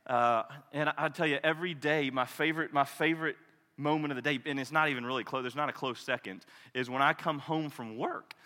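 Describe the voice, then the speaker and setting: A man in his thirties preaching a sermon as a pastor, swinging from loud cries to hushed, soft tones. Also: medium pitch, fairly even intonation, brisk, long reverb tail.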